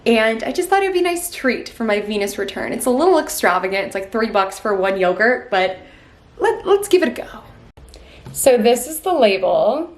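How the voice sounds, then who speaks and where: A woman's voice: on the high side, expressive, fairly quick, hardly any pauses. A woman chatting in a casual vlog, bubbly and gushing. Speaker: astrology vlogger.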